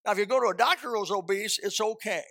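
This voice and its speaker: A man preaching a sermon with fervent, folksy storytelling and repeated phrases, often climbing into high, loud outbursts. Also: quick pace, no room sound, studio quality.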